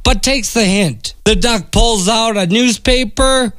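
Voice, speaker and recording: A man co-hosting a comedy show, telling a long joke as an unhurried storyteller. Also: high voice, fairly bright tone, no echo, clean studio sound.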